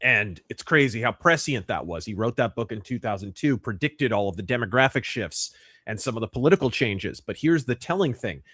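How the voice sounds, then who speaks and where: A man's voice: medium pitch, a bit bright, husky, no room sound, studio quality. A man guesting on a podcast, ranting in a sardonic, emphatic way about games and culture.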